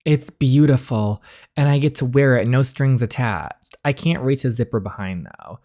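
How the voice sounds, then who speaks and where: A man reading the lines of a sharp-tongued young bride in a story game, in a sassy tone. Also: mid-range voice, lively intonation, moderate pace, lightly acted.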